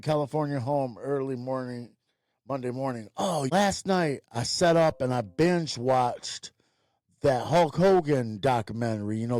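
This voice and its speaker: A man's voice: medium pitch, darkish tone, no echo, clean studio sound. A man hosting a ranting commentary show, talking in a blunt, profane, rambling way. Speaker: host.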